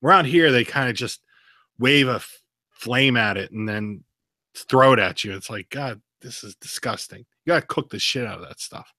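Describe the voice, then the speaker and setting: A man's voice: medium pitch, normal speed, pushed and bright, no room sound, studio quality. A man co-hosting a casual beer review podcast, talking in a loose, profane, rambling way. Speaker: podcast co-host.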